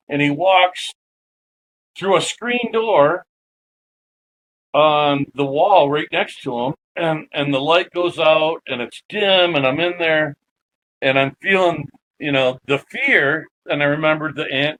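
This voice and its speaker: A man on a podcast recounts an eerie personal experience, animated and loose, swearing freely as he goes. His voice sits a bit higher than most men's. The delivery is casual storytelling rather than a prepared speech. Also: slow, a little hiss or hum, rough recording. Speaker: guest.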